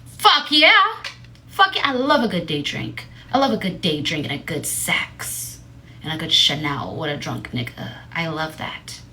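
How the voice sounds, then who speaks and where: A woman livestreaming, telling a story to her viewers in a blunt, profane, animated way, often into a phone mic. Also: deep voice, moderate pace, a little hiss or hum. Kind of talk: casual storytelling to a live audience.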